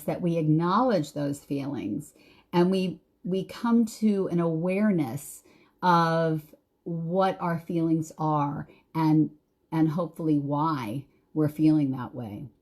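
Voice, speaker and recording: Middle-aged woman, live online class host; slow, chatty, filler-heavy delivery. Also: on the low side. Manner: warm, chatty, greets viewers by name; unhurried with many fillers and restarts. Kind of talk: live-streamed class, casual chat.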